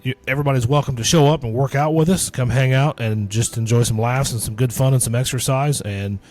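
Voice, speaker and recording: Man, rapid delivery, upbeat podcast co-host. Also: mid-range voice, a little mellow. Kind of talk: casual podcast chat.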